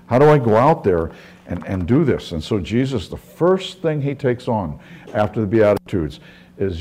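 A middle-aged pastor with a low, mellow voice and a husky edge delivers a sermon. He talks in a relaxed, story-driven way and often backs up to restart a phrase. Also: moderate pace. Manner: conversational storytelling with frequent restarts.

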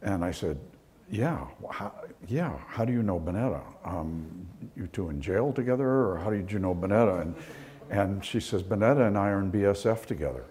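A man preaching a sermon, telling personal stories in a conversational way, and his voice climbs higher and louder when he drives a point home. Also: animated, normal speed, slight background noise. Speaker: pastor.

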